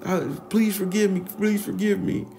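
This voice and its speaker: A high, tearful young man, as a storyteller puts him on, begging forgiveness over and over in a loud, strained voice. The pitch sits well above the teller's own low voice. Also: flat delivery, moderate pace, vocal fry, faint music behind. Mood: tearful pleading. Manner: pleading, sobbing apologies.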